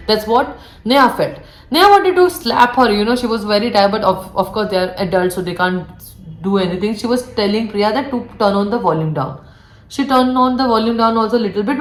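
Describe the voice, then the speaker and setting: A woman's voice: on the high side, reverberant, rough recording. A young woman, a former flight attendant casually telling a ghost story as she does her makeup, acting out the lines of the people in it. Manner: animated retelling, acts out quoted lines. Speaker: vlogger, former cabin crew. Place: indoor room, getting ready.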